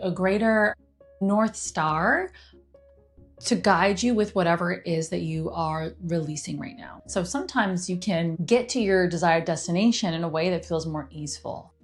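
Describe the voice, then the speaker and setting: A woman talking through a weekly astrology forecast in a chatty, conversational way, acting out inner voices as she goes. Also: fairly low pitch.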